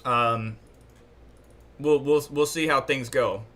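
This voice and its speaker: A man's voice: medium pitch, slow pace, pushed and bright. A man from New York hosting a casual livestream, rambling and thinking aloud while he browses charts and checks chat. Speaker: livestream host.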